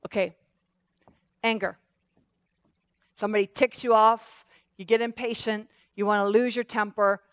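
A woman's voice: mid-range voice, level tone, unhurried, long pauses, a bit bright, smooth, dry recording. A woman preacher delivering an impassioned sermon, repeating phrases and restarting as she goes. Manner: impassioned, repetitive, stumbling restarts.

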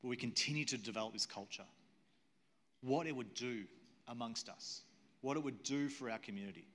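A man's voice: mid-range voice, fairly quick, a bit bright. A man preaching a sermon as pastor in a church, earnest and repetitive, often asking the audience questions. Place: church auditorium. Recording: long hall reverb.

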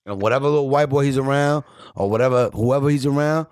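A man co-hosting a podcast in casual chat, telling animated, profane stories and mimicking other people's voices. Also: mid-range voice, quick pace, smooth, dry recording, studio quality. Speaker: podcast co-host.

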